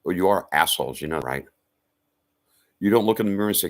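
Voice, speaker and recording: A man's voice: sits low, animated, quick pace. A man ranting to camera in a profane, confrontational, rambling way. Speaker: vlogger.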